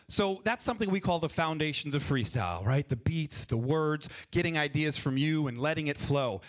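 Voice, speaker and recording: A man leading a live improv workshop for an audience on a conference stage, talking in an energetic, playful way and coaxing the crowd to join in. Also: fairly high pitch. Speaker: improv performer and workshop leader. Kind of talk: live freestyle rap and workshop talk to an audience. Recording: live event with audience noise.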